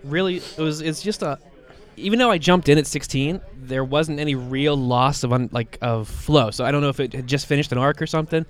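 A man's voice: a little high, fairly quick. A man with a slight cold, co-hosting a comic book podcast and retelling a story in casual chat, rambling with lots of fillers and restarts.

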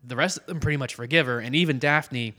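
A man chatting casually about a comic book. He rambles and loops back with fillers, slipping into quick acted quotes of the characters. His pitch sits in an ordinary middle range. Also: bright, forceful tone. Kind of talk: casual chat recapping a comic.

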